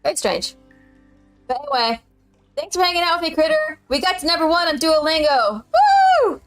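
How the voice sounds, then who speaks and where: A woman's voice: sits high, fairly quick, a bit bright, no room sound, faint music behind. A woman, telling a story in casual chat as a streamer and laughing often.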